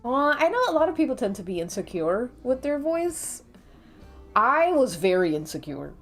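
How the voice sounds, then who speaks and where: A woman's voice: fairly high pitch, sing-song, normal speed. Chatty Latina woman streaming with music. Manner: chatty, playful, greets chat. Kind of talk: casual stream chat. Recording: faint background music.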